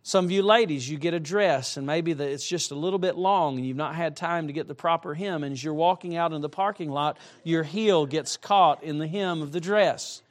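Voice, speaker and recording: High-voiced preacher delivering a lively sermon. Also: male voice, normal speed, hardly any pauses. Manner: emphatic, with humorous asides. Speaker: traveling preacher. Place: church sanctuary.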